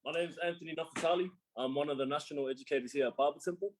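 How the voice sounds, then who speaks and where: A man's voice: fairly high pitch, racing, a little hiss or hum. A man with an Australian accent, an eager, upbeat barbering educator introducing himself.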